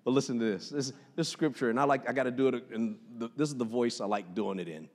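A man's voice: mid-range voice, quick pace, in a large hall. A man preaching a sermon as pastor, punchy and joking, with street slang. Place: church sanctuary.

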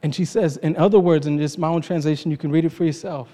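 A man's voice: fairly high pitch, fairly even intonation, fast talker, warm tone. A man preaching an informal sermon, retelling a scripture story in his own casual words, with frequent laughs. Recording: long reverb of a large hall.

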